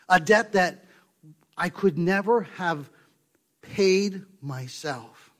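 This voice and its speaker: A male pastor preaches slowly, with lively intonation and frequent pauses. Emphatic and full of rhetorical questions, he dips into quiet low asides and rises to loud points of stress.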